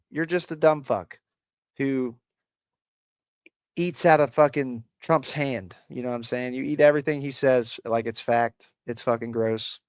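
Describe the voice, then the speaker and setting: A man's voice: medium pitch, steady tone, unhurried, no room sound. A man with a slight Appalachian country accent, hosting a casual livestream, reading chat aloud and answering with crude, sarcastic swearing.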